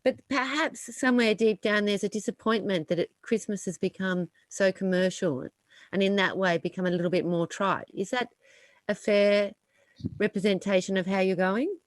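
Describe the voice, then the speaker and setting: Woman host, mid pitch, dry close sound, easygoing interviewer. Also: moderate pace, no room sound. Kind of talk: conversational interview.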